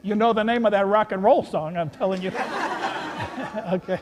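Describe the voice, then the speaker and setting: A man, a priest, giving a gentle children's sermon in a church, telling a story and chuckling with the kids. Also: high-pitched, normal speed, music in the background. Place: large church. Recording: echoey church hall.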